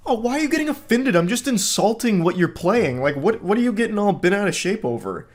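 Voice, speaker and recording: A man's voice: high voice, big pitch swings, a little fast, pitched above the performer's own voice. A man doing a whiny, sneering pushy guy. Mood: mocking. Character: obnoxious young man, pushy and mocking.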